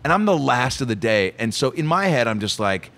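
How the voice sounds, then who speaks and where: A comedian guest telling a story in casual chat, lively and animated, swearing freely. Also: male voice, mid-range voice, fairly quick.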